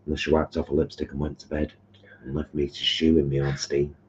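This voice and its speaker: A man with a very deep voice chats casually on a live kitchen stream. He tells camp, gossipy stories. The sound is dull and lo-fi. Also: monotone, brisk. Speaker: co-host of a live cooking stream. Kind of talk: casual chat. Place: home kitchen.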